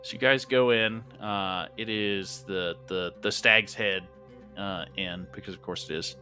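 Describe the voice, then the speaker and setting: A man runs a tabletop game with casual, joking narration and plenty of fillers. His voice is bright and sits a little low. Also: steady tone, unhurried, faint music behind. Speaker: game master.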